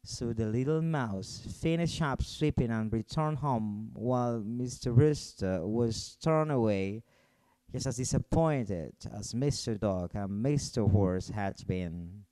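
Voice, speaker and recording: A man reading a children's story aloud in an expressive storytelling manner. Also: mid-range voice, slow pace, no room sound.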